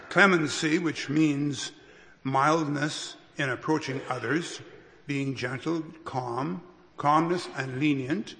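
A man preaching a sermon as a pastor, unhurried, with restarts and careful emphasis. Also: fairly high pitch, fairly bright tone. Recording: long reverb of a hall.

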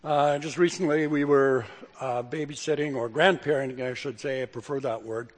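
A man's voice: medium pitch, fairly even intonation, normal speed, in a large hall. An older man, a pastor and grandfather, giving a sermon in a folksy, chuckling storytelling manner. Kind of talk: sermon with humorous stories.

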